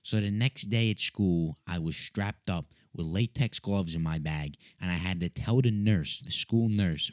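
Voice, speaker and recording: A man's voice: low-pitched, no echo, clean studio sound. A young man telling a funny personal story in a loose, profane way, full of filler words. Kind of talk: casual comedic storytelling.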